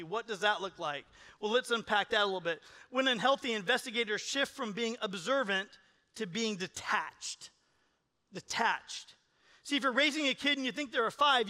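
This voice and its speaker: A male pastor preaching a sermon in a lively way, acting out the voices of people in his examples. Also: very high voice. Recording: long hall reverb.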